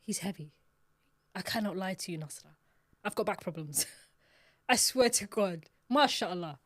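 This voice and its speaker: A woman, a podcast co-host and mother, chatting casually in an animated, slangy way. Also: medium pitch, moderate pace, dry recording, studio quality. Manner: animated, slangy storytelling with mimicked shouts. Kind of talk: casual chat.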